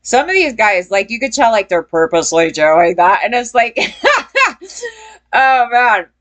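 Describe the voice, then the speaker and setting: A woman's voice: mid-range voice, expressive, moderate pace. Blunt, rambling woman vlogger. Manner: blunt, profane, rambling with laughs. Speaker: commentary vlogger. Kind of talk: casual opinion commentary.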